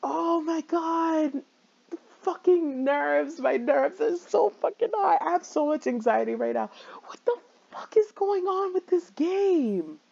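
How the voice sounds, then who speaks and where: A woman's voice: sits high, animated, slow pace, vocal fry, a little mellow, muffled recording. A young woman playing a horror game, reacting with panicky swearing and frequent shrieks. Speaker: let's play gamer. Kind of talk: let's play reaction commentary.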